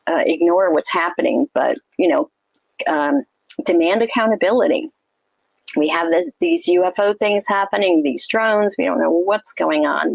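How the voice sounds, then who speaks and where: A woman hosting a casual livestream, chatty and loose, her speech full of ums and restarts. Her voice sits low and has a gravelly edge. The sound is dry and close, with almost no room around it. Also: no echo, low-quality recording. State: throat tickle, coughing. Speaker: host.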